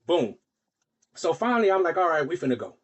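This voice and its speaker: A man's voice: a little high, a little fast. A man on a podcast telling a long personal story in casual chat, acting out the voices of the people in it. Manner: animated, acts out quoted voices. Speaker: podcast host.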